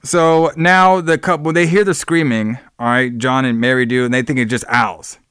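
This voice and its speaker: A man in a casual podcast recap, talking through a movie scene by scene with a sarcastic edge and quick put-on character voices. His voice sits at an ordinary middle pitch, and the sound is close and dry with no room echo. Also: steady tone, a bit bright, clean tone. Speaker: podcast co-host.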